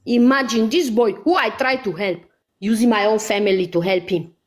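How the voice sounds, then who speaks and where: A woman's voice: mid-range voice, moderate pace. A woman ranting angrily in a vlog, scolding someone with repeated insults and accusations. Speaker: vlogger. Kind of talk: angry live vlog rant.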